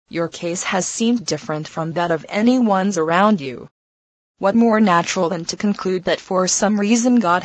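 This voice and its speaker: A woman reading a devotional text aloud in an earnest, measured, exhorting manner. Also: on the low side, no room sound, poor audio.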